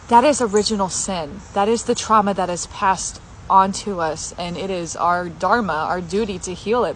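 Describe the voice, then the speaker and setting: A woman's voice: lowish voice, a little fast, hardly any pauses, a little hiss or hum, low-quality recording. A woman sharing a personal healing story and speaking heartfelt, repeated affirmations straight to her viewers. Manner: heartfelt, repetitive affirmations, tearful at times. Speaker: healing content creator. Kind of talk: emotional personal sharing to camera.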